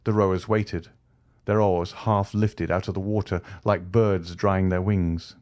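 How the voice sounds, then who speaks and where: A man narrating an audiobook of a classic novel in a measured, even storytelling manner. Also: low voice, no room sound, studio quality. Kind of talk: scripted narration.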